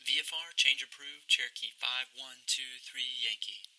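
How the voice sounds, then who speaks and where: A man's voice: mid-range voice, normal speed, crowd noise, natural voice, low-quality recording. A man voicing an air traffic controller and a pilot in a put-on British accent, using clipped, formal radio phrasing. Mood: crisp, formal.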